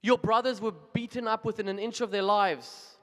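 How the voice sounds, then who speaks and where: Brief: a man putting on an unforgiving older mother, tearful and reproachful, soft and low, long hall echo. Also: fairly even intonation, moderate pace. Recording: long reverb of a large music hall.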